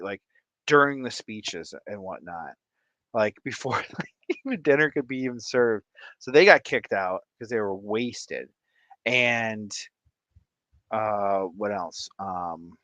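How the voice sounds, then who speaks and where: A man's voice: mid-range voice, a bit bright, no room sound. A man vlogging who tells a rambling, casual story and laughs often mid-sentence. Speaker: fish-keeping vlogger.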